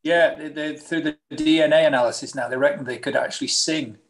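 A man's voice: on the high side, steady tone, a little fast. Man with a raised voice, explaining. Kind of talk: casual chat.

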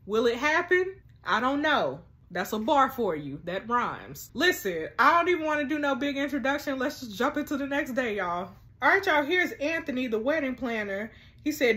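A woman's voice: high-pitched, very animated, normal speed, pushed and bright. A young adult woman chatting to her viewers as she plays a story game and reads its text messages aloud. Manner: chatty, exclaiming, addresses viewers as "y'all". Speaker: gaming YouTuber.

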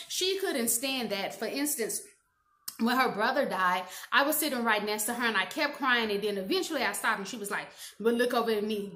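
A woman's voice: fairly high pitch, a bit bright, roomy sound. A woman from the American Midwest telling a personal story in a candid, chatty way and laughing at herself now and then. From Gary, Indiana, USA. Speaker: vlogger telling her own story. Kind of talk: casual storytime monologue.

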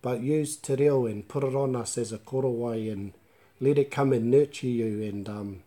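A man teaching Māori in a relaxed live online class, mixing Māori words into chatty English and joking with viewers. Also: mid-range voice, normal speed. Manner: laughs easily and jokes with viewers.

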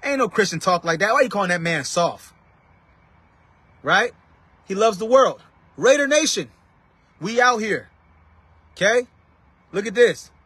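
Guy preaching live from his car, kinda high husky voice, emphatic, keeps asking viewers if they're with him. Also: expressive, a little slow, pauses often, sharp tone, no room sound. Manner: emphatic, calls out to viewers by name. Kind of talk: casual live-stream preaching.

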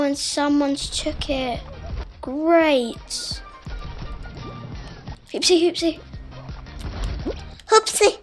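Excitable woman shouting over gameplay. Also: high voice. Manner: excitable, swings from muttering to shouted outbursts. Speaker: gaming channel host. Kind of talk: live gameplay commentary.

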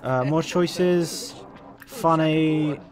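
A young man casually commentating his gameplay, swearing a lot, getting excited and reading game options aloud. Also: fairly high pitch, very slow, over music. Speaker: let's play host.

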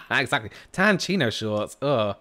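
A man's voice: medium pitch, very animated, measured pace, sharp tone. A British man casually chatting with his live-stream audience while playing a video game, laughing often and answering chat. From United Kingdom.

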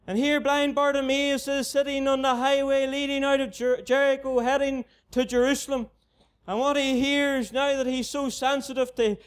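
High, flat-voiced Northern Irish preacher. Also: male voice, smooth. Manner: repetitive, earnest appeals to the unbeliever. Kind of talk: gospel sermon. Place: mission tent.

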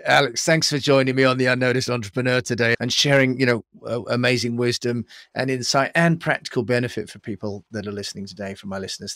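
A man's voice: mid-range voice, a bit bright, dry recording, studio quality. A man hosting a podcast interview, thanking and prompting his guest, with a few restarts. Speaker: podcast host.

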